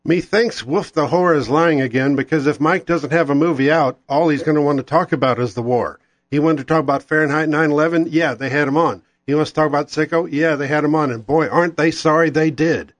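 Brief: angry talk radio host man, slightly raised pitch, very dry sound. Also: brisk, no room sound. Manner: angry, sarcastic, ranting. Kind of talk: political talk radio rant.

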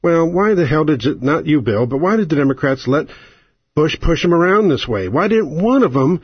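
A man's voice: a little high, animated, normal speed, breathy edge, dry recording. A man hosting casual political commentary, ranting and sarcastic, often indignant. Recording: dull lo-fi audio.

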